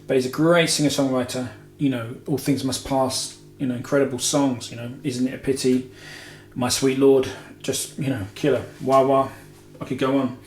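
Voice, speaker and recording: A man's voice: medium pitch, level tone, normal speed, a little mellow, a little hiss or hum. Rambling man in a roomy space. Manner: rambling, heavy with filler "you know"s and self-corrections. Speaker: guitar show host. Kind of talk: casual Q&A chat. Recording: roomy echo with faint music.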